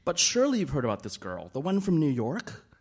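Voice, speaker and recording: A man's voice: fairly high pitch, wildly swooping pitch, fairly quick, breathy edge, pitched above the performer's own voice, exaggerated voice. A man doing a sly gossiping society lady. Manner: sly, conspiratorial, turns frantic. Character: gossipy middle-aged society woman, sly.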